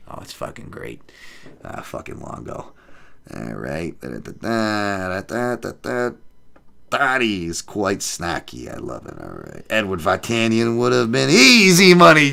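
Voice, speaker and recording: A man's voice: lowish voice, big pitch swings, a little slow, gravelly, bright, forceful tone. A male podcast host giving casual betting picks and reading chat, with profane, joking, rambling banter. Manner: reads odds and chat comments aloud.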